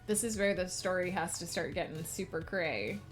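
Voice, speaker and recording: A woman's voice: lowish voice, normal speed, faint music behind. A woman streamer chatting casually while she writes, rambling and laughing often.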